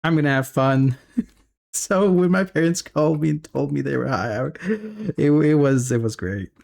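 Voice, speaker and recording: A man's voice: on the high side, moderate pace, vocal fry, darkish tone. A man chatting casually on a live stream while working, rambling through stories and laughing often. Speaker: streamer and 3D artist.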